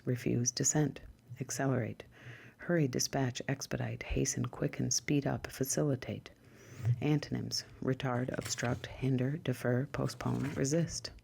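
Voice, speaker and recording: An ASMR host slowly reading lists of words in a soft, low-key voice, sometimes dropping to a whisper and adding dry little asides. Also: vocal fry, slight background noise. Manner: drifts into whispers.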